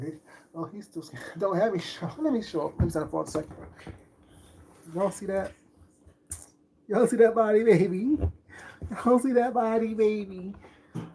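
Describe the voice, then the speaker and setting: A man's voice: high voice, vocal fry, dark tone, slight background noise. A middle-aged man in a casual live-stream chat as a food vlogger, talking in a sassy, boastful, flamboyant way.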